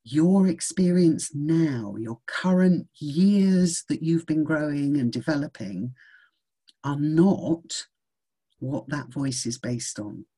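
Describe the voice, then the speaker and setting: Slow, soft-voiced reassuring woman. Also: sits low, animated, breathy edge. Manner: gentle, reassuring, measured. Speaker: speaker on self-confidence. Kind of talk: reflective motivational talk.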